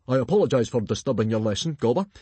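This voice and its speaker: A man voicing a blustering, hearty Viking chief who talks with booming enthusiasm. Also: lively intonation, fast talker, warm tone, husky, no room sound.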